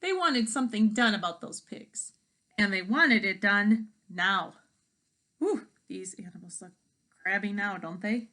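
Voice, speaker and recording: A female teacher reads a picture book aloud to children, stopping to make predictions and ask questions. Her voice is medium in pitch with a sharp tone.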